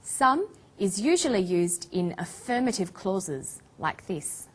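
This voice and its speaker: A woman narrates an English lesson in a slow, measured voice. Her delivery is scripted and carefully clear, pitched at a middle height and paced for learners to follow. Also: very animated. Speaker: English teacher.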